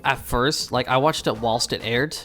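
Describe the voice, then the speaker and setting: A young man hosting a casual anime review chat, excitable and slangy, swearing freely. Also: mid-range voice, normal speed. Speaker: host. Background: faint game music.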